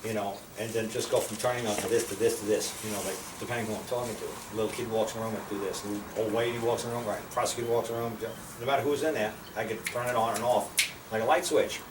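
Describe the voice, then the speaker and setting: Speaking quickly in a fairly low voice, this older American man spins blunt, profane tales for a small group, acting out quoted voices as he passes on life lessons. The audio is roomy and distant, with background noise easy to hear.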